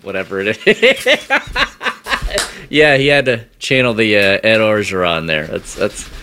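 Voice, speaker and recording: A man's voice: fairly low pitch, sing-song, slow, crowd noise. A man co-hosting sports talk radio, amused and bantering. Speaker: radio co-host.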